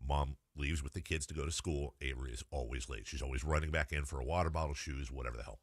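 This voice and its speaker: A man in his forties hosting a sports radio show, telling an animated story about his daughter in quick bursts. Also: extremely low pitch, no room sound. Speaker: radio host.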